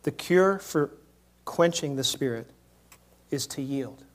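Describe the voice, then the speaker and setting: A man preaching a sermon in a church, moving between quiet asides and loud acted-out quotes. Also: medium pitch, expressive, slow pace. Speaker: pastor.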